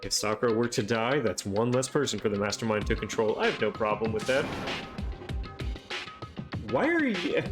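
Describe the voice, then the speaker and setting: A man streaming a visual novel, reading out all the characters' lines and chatting casually with his viewers between scenes. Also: mid-range voice. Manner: reads every character's lines himself, then breaks into loose swearing chat. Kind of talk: reading game dialogue aloud while streaming. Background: game music.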